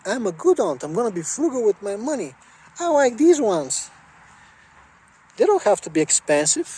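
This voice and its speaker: A man doing a quick impression of a cheerful, frugal woman who calls herself a nice aunt. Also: high voice, big pitch swings, dark tone, slightly rough, voice pushed up, full character voice, low-quality recording. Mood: breezy.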